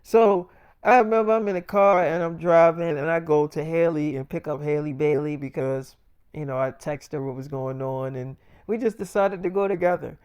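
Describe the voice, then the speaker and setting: High-voiced man telling a story. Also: normal speed, darkish tone, clear, resonant tone, dry recording, dull audio. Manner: loose, profane, conversational. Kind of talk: casual storytime monologue.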